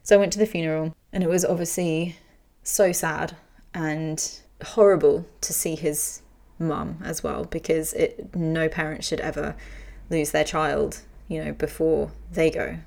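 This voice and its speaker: Low, gravelly woman telling a frank story. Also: fairly even intonation, moderate pace, a little mellow. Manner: frank, emotional, swears freely. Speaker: storyteller sharing a personal story. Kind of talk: candid personal storytelling.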